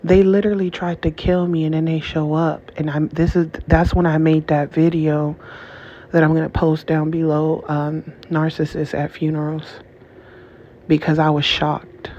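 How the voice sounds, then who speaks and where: Woman ranting to her viewers, flat voice, keeps restarting her sentences, muffled lo-fi sound. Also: deep voice, normal speed. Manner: angry, repetitive, restarts often, curses. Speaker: channel host. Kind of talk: emotional personal monologue. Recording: dull lo-fi audio with faint hiss.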